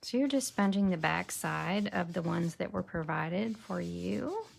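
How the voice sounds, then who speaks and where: A woman's voice: on the low side, lively intonation, measured pace, gravelly, a little hiss or hum. A woman demonstrating a papercraft project, chatting and thinking aloud as she works. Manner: chatty, thinks aloud while working, drops to a whisper while concentrating. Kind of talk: casual crafting tutorial.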